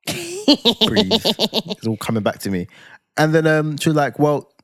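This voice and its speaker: A man in his twenties with a London accent, telling a story on a podcast in casual chat, animated and swearing freely. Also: on the high side, a little slow, dry recording, clean studio sound. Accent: London English. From England. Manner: animated, swears freely, acts out heated quotes. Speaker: podcast co-host.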